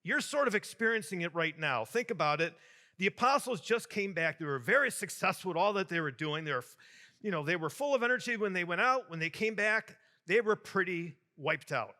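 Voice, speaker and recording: A bishop from Michigan preaches a homily to a large youth audience. He jokes and speaks with animated energy, turning to the crowd as he goes. His voice is bright and sits fairly high for a man. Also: brisk. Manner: jokey, animated storyteller addressing a crowd.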